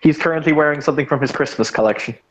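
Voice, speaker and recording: A man's voice: a little high, rapid-fire, background noise. A man narrating as game master, with wry amusement and frequent restarts. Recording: dull lo-fi home mic.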